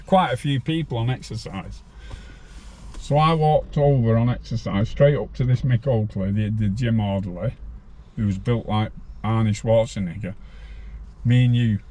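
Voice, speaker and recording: A man's voice: on the low side, moderate pace, warm tone. An older man from northern England, a guest telling stories from his time in prison in a blunt, casual way, swearing freely. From Farnworth, northern England. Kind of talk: casual storytelling interview.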